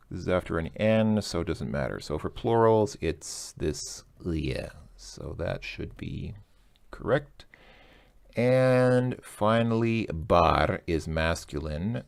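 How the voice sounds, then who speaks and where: A man with a low, gravelly voice walks through a language exercise out loud. He muses and second-guesses himself as he goes, pausing to check his answers. His tone stays conversational and unhurried. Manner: hesitant, self-correcting, musing aloud. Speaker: language tutor. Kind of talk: thinking-aloud lesson walkthrough.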